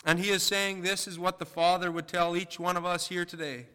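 A man's voice: high voice, little pitch movement, brisk, pushed and bright, smooth. A male pastor delivering a sermon, building emphasis with rhetorical questions. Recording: long hall reverb.

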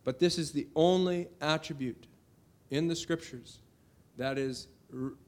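Middle-aged male preacher, fairly high voice, earnest sermon delivery with emphatic swells. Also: unhurried. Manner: earnest preaching, rising to emphatic declarations on scripture.

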